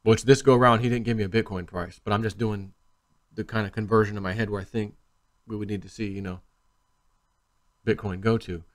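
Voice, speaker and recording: A man talks casually to camera in a vlog, rambling and animated, acting out quotes as he tells stories. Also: on the low side, brisk, long pauses. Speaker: crypto video host.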